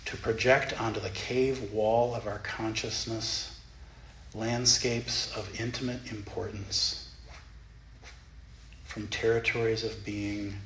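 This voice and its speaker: A man's voice: lowish voice, a bit bright, a little hiss or hum. A man, a Zen teacher, gives a playful, self-mocking dharma talk in the meditation hall of a Zen center. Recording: echoey hall, faint ambience.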